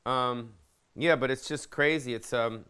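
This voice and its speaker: A podcast host in his fifties goes on a loose, profane, jokey rant, tossing questions to his producer as he rambles. His mid-range voice is unhurried, bright and pushed, and the sound is smooth.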